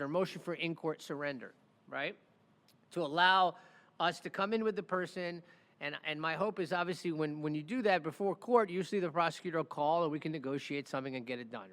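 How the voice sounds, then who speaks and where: A man who works as a criminal defense attorney and hosts a podcast, telling stories in an animated, casual way. He keeps asking "right?" and acts out the people in his stories. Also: on the high side, in a large hall. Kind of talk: casual storytelling chat.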